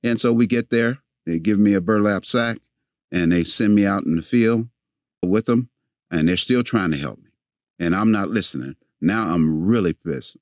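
A man guesting in a conversation, telling a story in an animated way, repeating words as he goes and acting out the lines of the people in it. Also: on the low side, moderate pace, no echo, studio quality. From a city, with family in the American South.

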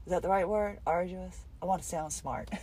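A woman's voice: on the low side, fairly even intonation, fairly quick, warm tone, husky, no room sound. A middle-aged woman recording a candid, rambling spoken diary for her podcast from her car between appointments. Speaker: podcast host.

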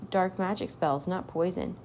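A woman's voice: fairly low pitch, moderate pace, a little mellow, slight background noise, lightly acted. A woman reading the part of an earnest young boy.

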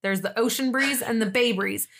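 A woman's voice: fairly high pitch, normal speed, vocal fry, a bit bright. A young woman co-hosting a casual true-crime podcast, telling the story in a chatty way and acting out what people said. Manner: chatty storyteller, acts out quotes, lots of "like". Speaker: podcast co-host.

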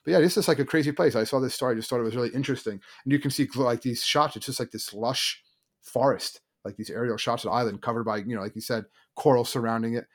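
A man co-hosting a casual chat, telling a story quickly and loosely, with many fillers. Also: mid-range voice. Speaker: podcast co-host.

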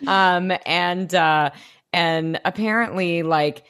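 A woman co-hosting a podcast, recapping an episode in casual chat, animated and giggly with frequent swearing. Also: fairly low pitch, slow pace. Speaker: podcast co-host.

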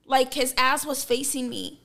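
A woman guest on a podcast, telling a story in a blunt, profane, animated way. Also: high voice, a little slow, gravelly. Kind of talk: casual storytelling.

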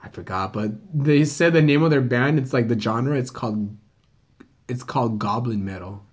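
A man's voice: mid-range voice, moderate pace, breathy edge. A man in his thirties, a comedian telling stories in a casual chat, swearing a lot and saying dude and bro. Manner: laid-back storytelling, heavy swearing, says dude and bro. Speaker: comedian, podcast host.

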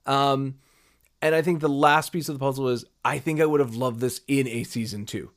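Man, podcast co-host, casual chat, rambling, animated, mid-pitched voice. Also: fairly quick. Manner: rambling, animated, acts out quoted reactions.

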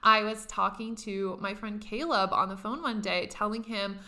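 A woman's voice: medium pitch, steady tone, moderate pace, sharp tone. A young woman telling a personal story in a candid, profane, casual way, often laughing.

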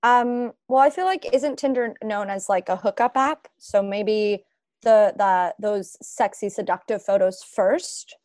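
A woman co-hosting a casual group chat, trading wry, deadpan asides. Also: medium pitch, unhurried, dry recording, studio quality. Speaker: podcast co-host.

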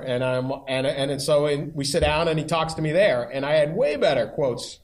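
A man as a sports columnist guest on a live podcast, talking in a relaxed, rambling, self-deprecating way. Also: fairly high pitch, moderate pace, few pauses. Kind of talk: live podcast chat before an audience.

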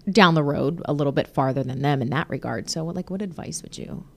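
A woman in her thirties hosts a podcast, chatting casually with her husband and keeping things animated with frequent laughs and fillers. Her voice sits low and is gravelly, and she speaks a little fast.

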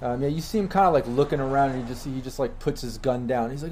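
A man's voice: medium pitch, quick pace, a little mellow. A man running a tabletop game as game master, narrating loosely with many fillers and restarts.

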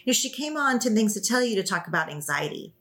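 A woman's voice: medium pitch, sing-song, quick pace, a bit bright. A woman hosting a podcast, talking in a thoughtful, conversational way. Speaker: podcast host. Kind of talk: casual book chat.

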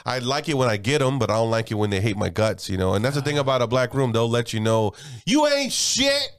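A young man spins a comedy story with a lively, wide-swinging voice that keeps jumping up and down. He swears constantly and slips into other people's voices while he chats casually with a co-host. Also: medium pitch, a little fast, smooth. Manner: profane, animated storytelling, acting out voices. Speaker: stand-up comedian. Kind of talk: casual podcast chat.

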